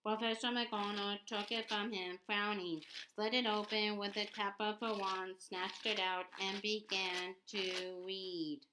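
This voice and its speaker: A woman reads a story aloud at a slow, unhurried pace, often stumbling and going back over words. Her pitch sits in a middle range. A steady hiss of noise runs under the voice. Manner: halting, often repeats and restarts words. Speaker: audiobook reader. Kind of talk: unrehearsed read-aloud narration.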